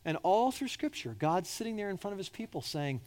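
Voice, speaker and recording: A man preaching a sermon with passion. He swings between loud, urgent pleading and soft, hushed lines, and he repeats words when he presses a point. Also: high-pitched, big pitch swings, fairly quick. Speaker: pastor.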